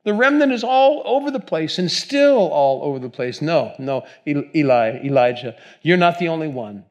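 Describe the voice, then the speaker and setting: A man's voice: a little high, expressive, moderate pace, darkish tone, dull audio. A man voicing God as a patient, playful figure who corrects a prophet. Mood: amused.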